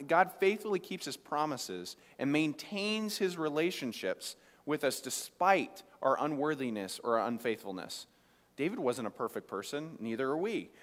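A man preaching a sermon as pastor, conversational, dropping into quick acted asides. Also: fairly high pitch. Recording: long reverb of a hall.

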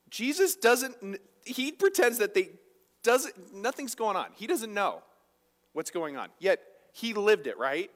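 A man's voice: high-pitched, sing-song, moderate pace, a bit bright, in a large hall. A man preaching a conversational sermon as a pastor, often asking his listeners rhetorical questions.

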